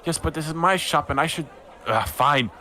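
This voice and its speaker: A man's voice: fairly high pitch, normal speed, bright, forceful tone, slight background noise, voice pushed up. A man voicing a grumpy, suspicious young woman who runs a carpentry shop and speaks curtly. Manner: curt, suspicious.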